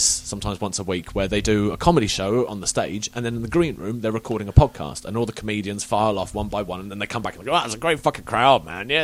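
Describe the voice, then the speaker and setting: Sweary laughing English podcast host. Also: male voice, fairly low pitch. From England. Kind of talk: casual chat.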